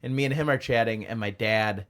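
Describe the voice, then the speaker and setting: A man's voice: on the low side, brisk, a bit bright. A man in his thirties, a stand-up comedian, telling stories in casual chat and acting out the people he quotes. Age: 30s.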